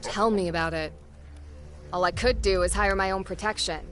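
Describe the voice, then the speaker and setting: A woman's voice: medium pitch, steady tone, normal speed, fairly bright tone, close to an everyday voice. A woman playing a weary, exasperated potion merchant. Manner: tired, exasperated. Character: weary adult female potion merchant, put-upon. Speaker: shopkeeper.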